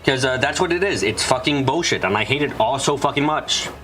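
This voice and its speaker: Man, let's-play streamer, bright voice, foul-mouthed ranter who talks back to chat. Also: medium pitch, lively intonation, brisk, faint music behind. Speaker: gaming streamer. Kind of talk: casual let's-play commentary.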